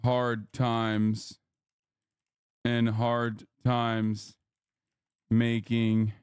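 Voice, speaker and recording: A man drawls out slow, profane rants on a live stream, his voice smooth and resonant. He thinks aloud as he works through his prompts, and the sound is close and dry. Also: mid-range voice, monotone, a little mellow, dry recording. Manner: profane, ranting. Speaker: streamer contestant. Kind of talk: casual livestream chat.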